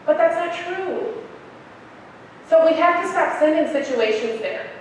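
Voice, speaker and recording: Speaking in an extremely high pitch and in no hurry, a young adult woman recounts a personal story for an audience. She's animated and performs the voices of the characters she quotes, captured by a far-off microphone in a reverberant hall with a little background noise.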